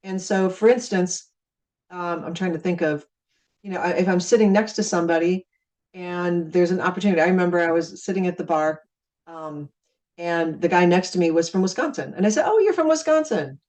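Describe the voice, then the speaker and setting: Her voice is on the low side and darkish, holding a steady tone as she moves fairly quickly. The speaker, a middle-aged Minnesotan, runs an informal network marketing training in a chatty way, playing out conversations with friendly repeated phrases, far from the mic.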